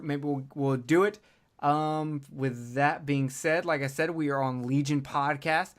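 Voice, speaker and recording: A man's voice: on the high side, a bit bright, clear, resonant tone. A man hosting a podcast in casual chat, rambling with many fillers and crude jokes. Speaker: podcast host.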